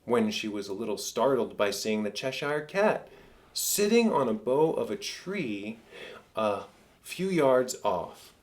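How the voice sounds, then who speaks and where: A man narrating an audiobook of a classic tale, with a measured storytelling delivery. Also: mid-range voice, sing-song. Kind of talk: scripted narration.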